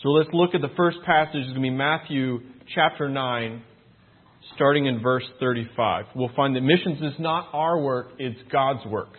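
A man's voice: medium pitch, moderate pace, husky. A man preaching a sermon, earnest and emphatic, asking his listeners rhetorical questions and reading Scripture aloud. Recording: tinny phone-like sound.

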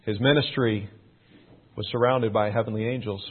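A man preaching a sermon in a measured way, repeating key phrases for emphasis. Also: on the low side, fairly even intonation, breathy edge. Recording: phone-like narrow band.

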